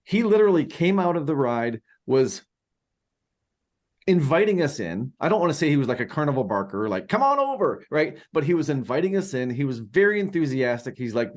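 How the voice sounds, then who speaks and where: A man's voice: mid-range voice, darkish tone. A man co-hosting a podcast in casual chat, rambling with many fillers and restarts. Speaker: podcast co-host.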